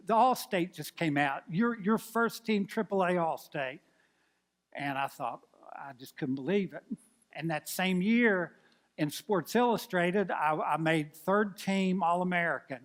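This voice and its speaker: A man in his sixties, a pastor telling a folksy, animated story in a sermon. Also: high voice. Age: 60s.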